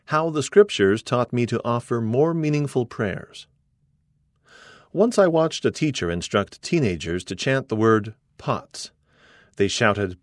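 A middle-aged man reading an article aloud as scripted narration, earnest and measured, quoting scripture. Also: on the low side, animated, no echo, clean studio sound.

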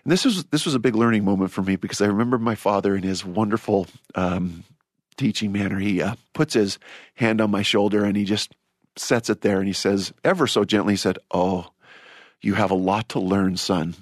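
A man's voice: on the low side, brisk, no echo, clean studio sound. A man hosting a church-themed panel discussion, telling stories in a reflective way and often restarting his words. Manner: storytelling, reflective, repeats words when starting. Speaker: host.

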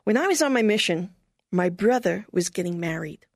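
An older woman being interviewed, telling a personal story in a lively way and often laughing. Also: fairly low pitch, normal speed, no room sound, studio quality.

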